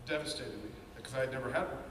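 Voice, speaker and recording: A man's voice: medium pitch, very fast, fairly bright tone, a little hiss or hum. A man giving an earnest, candid talk about his own life, acting out the voices in his head as he tells it. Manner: candid, earnest storytelling with quoted inner voices. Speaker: speaker sharing his story. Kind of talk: personal testimony talk. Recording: echoey hall, mic at a distance.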